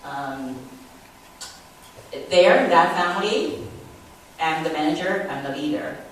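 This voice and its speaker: A woman giving a presentation as a ministry group leader, talking in short halting phrases with fillers and spelling words out. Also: deep voice. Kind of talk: public presentation talk. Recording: very echoey room from a distant mic, faint background noise.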